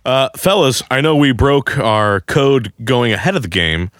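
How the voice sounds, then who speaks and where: Male podcast host, animated, laughs a lot, dry sound. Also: mid-range voice, unhurried, no echo. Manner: laughs often, reads listener comments. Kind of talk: casual chat.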